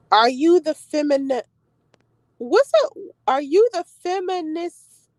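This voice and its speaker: A young adult woman vlogger giving blunt, profane relationship talk in an animated storytelling way. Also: high-pitched, slow pace, long pauses, no echo, poor audio. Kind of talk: casual live-stream talk.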